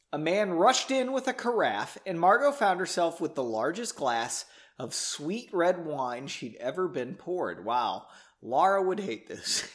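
A man reads his own story aloud in a relaxed, tipsy way, stopping to tease himself and joke. His voice sits a little high and swings up and down a lot. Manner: self-mocking, chatty asides, laughs between passages. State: tipsy from drinking. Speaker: reader of his own book. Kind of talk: casual read-aloud with asides.

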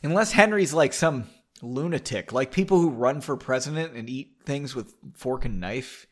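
A man's voice: mid-range voice, moderate pace. A man hosting a podcast, reading his own novel aloud with playful, self-mocking asides to listeners. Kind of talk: casual story reading with joking asides.

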